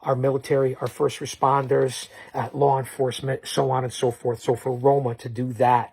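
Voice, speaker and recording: Husky rambling man hosting a show. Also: medium pitch, darkish tone. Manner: rambling, joking, self-correcting. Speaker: show host. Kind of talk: solo recap of a talk show. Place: alone in a basement bunker.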